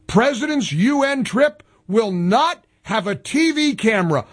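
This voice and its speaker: Sarcastic high-voiced man hosting a talk show. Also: lively intonation, measured pace, few pauses. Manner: sarcastic, mocking. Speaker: radio talk show host. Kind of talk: sarcastic political commentary.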